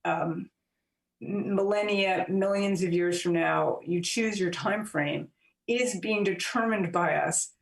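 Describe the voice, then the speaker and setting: A woman author and journalist, a guest in an interview, giving long, measured explanations with frequent fillers. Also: on the low side, creaky. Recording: roomy and distant from the mic.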